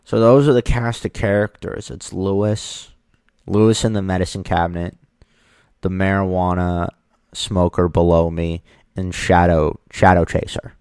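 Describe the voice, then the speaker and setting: Low-voiced man telling rambling stories. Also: fairly even intonation, a little mellow, smooth, no echo, studio quality. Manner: rambling, halting, with many restarts. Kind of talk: casual storytelling monologue.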